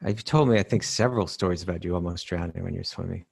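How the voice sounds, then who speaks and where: A man's voice: low-pitched, fast, gravelly, slightly rough, no room sound. A man co-hosting a podcast, talking in a hesitant, reflective way with many fillers. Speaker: podcast co-host. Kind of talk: casual chat.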